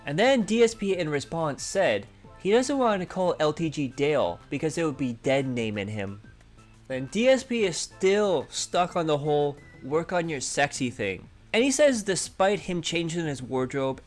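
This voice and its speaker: A man's voice: fairly high pitch, animated, moderate pace, soft background music. A man hosting a drama commentary channel, sarcastically recapping a streamer's clips. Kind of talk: narrating commentary over clips.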